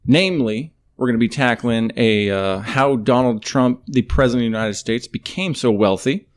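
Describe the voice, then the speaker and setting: A man's voice: mid-range voice, normal speed. A man co-hosting a laid-back podcast, running through an upbeat scripted opening in a middling voice. He slips into loose asides and chat with his co-host between the scripted parts.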